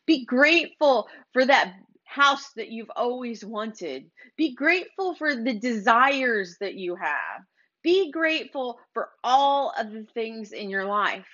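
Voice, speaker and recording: A woman's voice: on the high side, bright, forceful tone. Preachy motivational woman, dull lo-fi sound. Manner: preachy, urging, repeats phrases. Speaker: podcast host. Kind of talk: motivational business podcast talk. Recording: slightly dull lo-fi recording.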